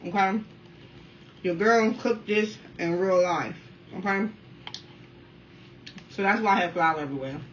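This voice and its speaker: A woman in her thirties from the Washington, D.C. area, chatting casually while eating on camera at home and keeping up a steady stream of remarks to her viewers. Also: mid-range voice, a little slow, pauses often. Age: 30s. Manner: talkative, keeps addressing viewers as y'all. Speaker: mukbang vlogger. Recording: dull, slightly distant sound with faint room noise.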